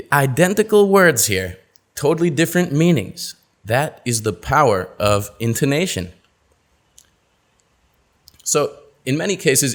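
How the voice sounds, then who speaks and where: Lively male pronunciation teacher. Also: medium pitch. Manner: lively, expressive, acts out example sentences. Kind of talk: webinar lesson.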